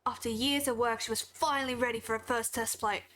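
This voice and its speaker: A woman reading game dialogue as a rough-edged rebel mechanic rousing his crew for a fight. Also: on the high side, steady tone, a little fast, a bit bright, close to an everyday voice.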